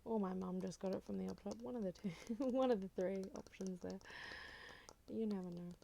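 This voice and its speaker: An Australian ASMR creator chats in a soft-spoken, rambling way, drifting in and out of a whisper. Her voice is medium-pitched and gravelly, and she speaks briskly.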